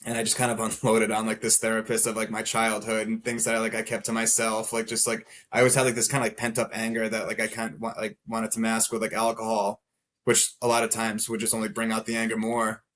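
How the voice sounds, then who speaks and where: A man's voice: lowish voice, completely flat delivery, fast, a little hiss or hum. A man in his late twenties, a podcast guest telling his own story in a loose, rambling way, packed with "like"s and short laughs. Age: 20s. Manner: rambling, many filler "like"s, laughs through dark moments. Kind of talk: casual storytelling.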